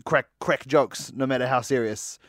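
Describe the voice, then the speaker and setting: A man's voice: mid-range voice, moderate pace, fairly bright tone, dry recording, clean studio sound. A man co-hosting a casual movie podcast, joking and laughing often. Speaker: podcast co-host.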